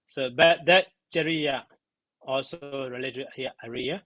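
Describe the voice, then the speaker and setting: A man giving a spoken grammar lesson, slow and halting, sounding out syllables one by one. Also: medium pitch, steady tone, a bit bright, no echo, rough recording. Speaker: monk teaching grammar.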